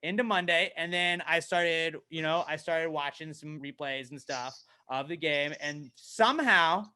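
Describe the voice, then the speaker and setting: Brief: male podcast co-host with a higher, bright voice, profane and self-mocking, swinging from mumbles to yelling. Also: a little slow, smooth. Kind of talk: casual comedic podcast chat.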